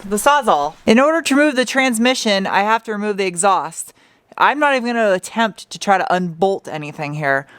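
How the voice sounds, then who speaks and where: A woman's voice: mid-range voice, expressive, a little fast, a bit bright. A young adult woman casually narrating her truck restoration in a garage, joking and talking to herself as she works. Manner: chatty, joking, talks to herself while working. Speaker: car restoration vlogger.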